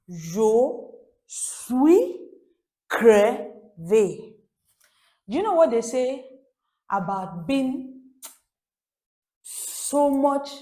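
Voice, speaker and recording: A woman's voice: mid-range voice, warm tone. A woman teaching a French lesson for beginners, repeating phrases and asking her viewers rhetorical questions.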